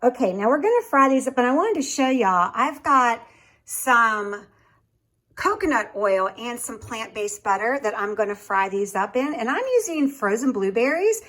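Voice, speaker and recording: A woman's voice: on the high side, animated, normal speed, fairly bright tone. A woman hosting a casual cooking show from her home kitchen, chatty and folksy, talking straight to her viewers.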